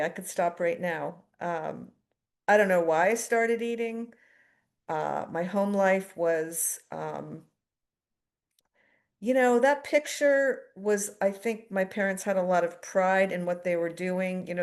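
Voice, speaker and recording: Middle-aged woman at a 12-step meeting, frank funny personal share, lots of ums, lowish voice. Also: measured pace. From United States. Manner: candid, self-deprecating, with fillers and asides. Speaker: twelve-step speaker.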